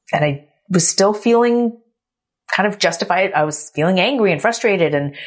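A woman in her thirties hosting a podcast, telling a candid personal story with a reflective tone and soft laughs. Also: on the low side. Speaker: podcast host.

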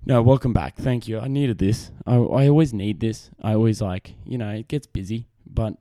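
A man's voice: lowish voice, normal speed, warm tone, no room sound, studio quality. A young man with an Australian accent, hosting a casual solo podcast in a rambling, self-deprecating way. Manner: rambling, self-deprecating, frequent restarts and fillers. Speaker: podcast host. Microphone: desk microphone on camera.

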